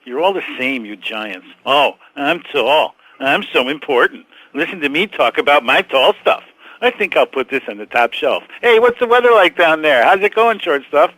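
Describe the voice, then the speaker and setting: A man's voice: a little high, lively intonation, moderate pace, sharp tone, no room sound, low-quality recording. An actor playing a short, touchy male caller who mocks and scolds the host. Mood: indignant. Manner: sarcastic, mocking, indignant. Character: short bitter man caller, touchy and sarcastic.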